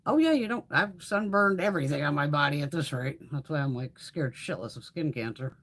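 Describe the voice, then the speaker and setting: A woman's voice: deep voice, expressive, a little fast, a bit bright. A middle-aged woman hosting a beauty livestream, chatting casually with viewers, swearing freely and laughing often.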